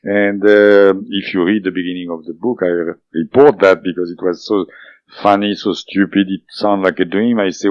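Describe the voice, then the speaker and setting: A man whose first language is French, telling his story as an interview guest, halting and full of fillers and restarts. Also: deep voice, steady tone, dry recording. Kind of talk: recounting a personal experience in an interview. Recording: dull lo-fi dry recording.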